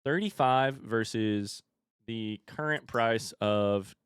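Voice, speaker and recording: A man's voice: fairly low pitch, slow, smooth, no echo. Easygoing man with an Indiana accent. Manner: thinks aloud, reads chat, chatty and easygoing. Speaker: streamer. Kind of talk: casual live-stream chat while gaming.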